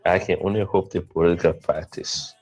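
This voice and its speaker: A man with a low voice delivers blunt, scathing political commentary on a radio talk show. His tone is cutting and insistent. Faint music sits behind him. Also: steady tone, fairly quick, darkish tone, slightly rough, low-quality recording.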